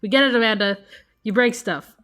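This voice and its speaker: A woman voicing a warm, corny middle-aged single dad in a video game, with dorky jokes and a mock announcer tone. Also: on the high side, fairly quick, faint music behind, lightly acted. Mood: fond.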